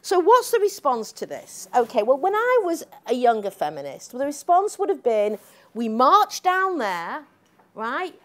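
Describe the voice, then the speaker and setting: A woman's voice: high voice, very animated, unhurried. A middle-aged woman giving a public lecture, emphatic and combative, tagging her points with questions to the audience. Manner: emphatic, combative, frequent "okay?" tags.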